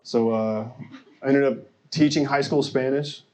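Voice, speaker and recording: A man's voice: mid-range voice, steady tone, a little slow, a little mellow. A young man from Arkansas doing a stand-up comedy set, chatty and self-mocking, talking straight to the crowd. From Arkansas, USA. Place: comedy club stage.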